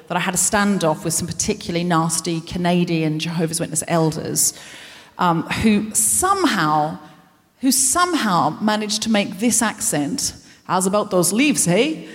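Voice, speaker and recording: A woman hosting a comedy podcast live on stage, delivering a rambling, anxious, self-deprecating stand-up monologue. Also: fairly low pitch. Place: large concert hall stage. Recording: long reverb of a big concert hall.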